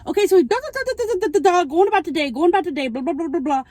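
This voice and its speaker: A young woman vlogger in her parked car, recapping a movie plot in an animated, chatty way while she eats, and she keeps checking in with "okay?". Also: very high voice, racing, no echo. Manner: talking while eating.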